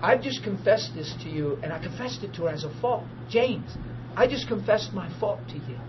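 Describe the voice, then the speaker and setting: A middle-aged man preaching a sermon built on personal testimony, animated, acting out the people in his stories and laughing easily. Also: high-pitched, moderate pace. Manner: animated storyteller, acts out dialogue, laughs easily. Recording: dull lo-fi archive recording with steady noise.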